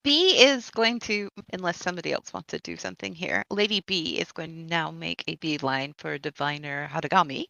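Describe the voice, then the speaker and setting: A woman player in a tabletop game who talks with animated, swooping pitch and laughs often. Her tone is bright and forceful, with a gravelly rasp at the bottom. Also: fairly quick, few pauses, no room sound.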